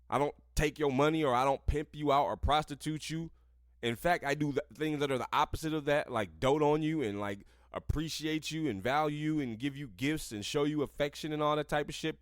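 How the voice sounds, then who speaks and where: A man's voice: mid-range voice, no echo, studio quality. A man hosting a podcast, ranting crudely and combatively while reading and reacting to an article. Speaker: podcast host. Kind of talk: profane commentary on articles.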